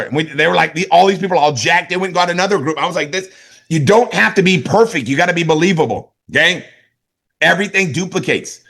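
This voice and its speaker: A middle-aged man from California giving an energetic motivational sales talk, hammering catchphrases and checking in with "right?" and "okay?". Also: a little high. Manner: emphatic, repeats catchphrases, asks "right?" and "okay?".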